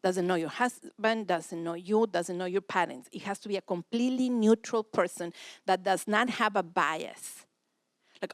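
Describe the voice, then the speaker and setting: A woman's voice: mid-range voice, normal speed, dry recording. Brief: woman, church parenting seminar speaker, matter-of-fact delivery, dry close sound. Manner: direct, practical, acts out family dialogue.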